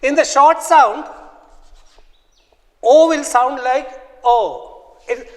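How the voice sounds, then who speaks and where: A man teaching a phonics lesson, repeating sounds and example words slowly and with care. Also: very high-pitched, long reverb tail. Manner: slow, repetitive, drills words aloud. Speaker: English teacher.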